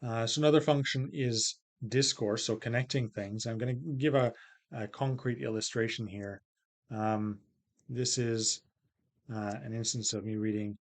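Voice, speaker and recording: A man's voice: mid-range voice, fairly even intonation, normal speed. A man giving a recorded lecture in a casual, explanatory way, with frequent fillers and small restarts.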